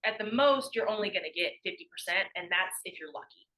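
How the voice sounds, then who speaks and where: Her medium-pitched voice is expressive, a little fast, pushed and bright as this young woman, a one-time college athlete, guests on a podcast. In casual storytelling over rough audio, she's chatty, peppers in "like," and acts out other people's voices.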